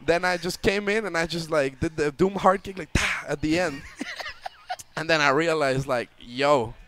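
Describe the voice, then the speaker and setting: A young man, a tournament player, telling an animated story to a chat audience and acting out the voices in it. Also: a little high, normal speed, background noise. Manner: lively, acts out voices in the story. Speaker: interview guest, tournament player.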